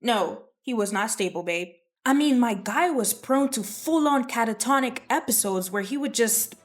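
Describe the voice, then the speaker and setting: A woman host telling history in a casual, gossipy way, full of sassy, playful asides. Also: high voice. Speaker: history vlogger. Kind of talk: casual chatty storytelling.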